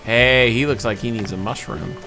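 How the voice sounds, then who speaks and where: A man's voice: mid-range voice, normal speed, pushed and bright, faint music behind. A man hosting a let's play, chatting and reacting aloud as he plays through a game. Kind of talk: gaming commentary.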